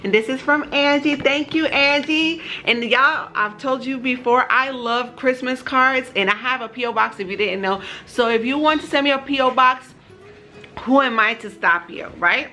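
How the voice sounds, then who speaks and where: Faint music plays behind a high-pitched woman speaking at a moderate pace on a rough recording. She's a lifestyle vlogger and mother from Georgia, US, chatting warmly to viewers into a handheld camera in her home kitchen.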